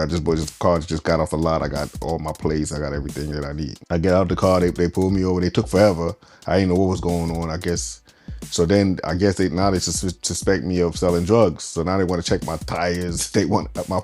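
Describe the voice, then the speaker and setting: Deep-voiced man telling a story. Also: darkish tone. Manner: storytelling, retelling events with quoted dialogue. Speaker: panel guest. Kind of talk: casual group discussion.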